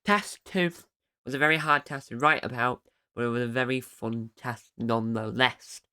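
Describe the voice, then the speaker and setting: A man talks through an episode recap on his own podcast in a loose, rambling way. He keeps stopping to fix his own sentences. His voice is smooth and clear, pitched at a middle level. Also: moderate pace, pushed and bright, dry recording, clean studio sound. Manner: rambling, often correcting himself mid-sentence. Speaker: podcast host. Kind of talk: casual solo episode recap.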